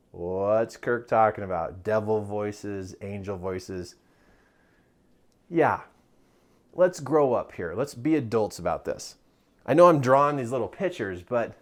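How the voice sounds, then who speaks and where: A man giving a motivational talk as a self-help mentor, drawing as he speaks, animated and laughing often. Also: on the high side.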